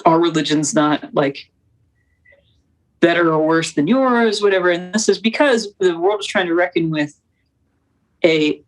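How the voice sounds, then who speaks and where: Young woman, interview guest, fast preacherly storytelling, lively delivery. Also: fairly low pitch, rough recording. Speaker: documentary producer, guest. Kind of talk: conversational interview.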